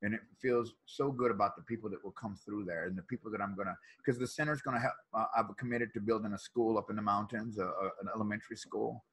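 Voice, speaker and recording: A man in his fifties telling stories as a podcast guest, energetic, often laughing and repeating his words. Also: lowish voice, fast, hardly any pauses, breathy edge, rough recording. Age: 50s. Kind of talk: animated storytelling.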